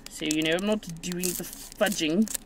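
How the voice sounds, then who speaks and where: A woman chatting casually as she opens trading cards on camera, rambling and mocking herself, with sudden high excited squeals. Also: unhurried, noisy background. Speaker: channel host. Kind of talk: casual card-opening video.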